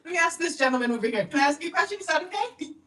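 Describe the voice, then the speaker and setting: Young canadian woman doing stand-up in a club, teasing the crowd, high voice, sounds kinda far off. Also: animated, racing, a bit bright, slight background noise. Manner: brash, teasing crowd work, lots of "okay?". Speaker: stand-up comedian. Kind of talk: stand-up comedy set with crowd work. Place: comedy club stage.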